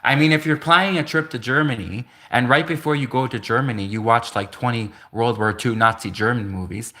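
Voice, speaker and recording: A livestream host in his thirties tells a rambling, casual story in a bright, forward, medium-pitched voice at a brisk pace. He keeps correcting himself mid-sentence, scatters "like" throughout, and laughs between thoughts.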